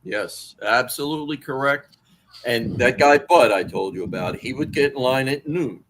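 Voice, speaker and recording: A man in his sixties telling wrestling stories as an interview guest, animated and profane, jumping to much higher pitch when riled. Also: moderate pace, noisy background. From Washington D.C. area. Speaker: interview guest, wrestling author and former manager. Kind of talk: casual storytelling interview.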